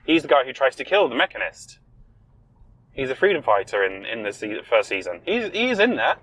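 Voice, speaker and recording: A young man co-hosting a podcast in casual chat, talking in an opinionated, emphatic way with quick rebuttals. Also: mid-range voice, big pitch swings, a bit bright, rough recording. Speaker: podcast co-host.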